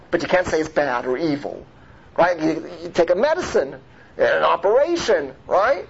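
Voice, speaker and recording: A man's voice: fairly high pitch, big pitch swings, normal speed, gravelly, breathy edge. A man teaching a Torah class. He asks rhetorical questions, keeps checking in with his listeners, and mixes Hebrew terms into his English. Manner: rhetorical, checks in with "right?" and "okay?". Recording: muffled lo-fi recording with faint noise.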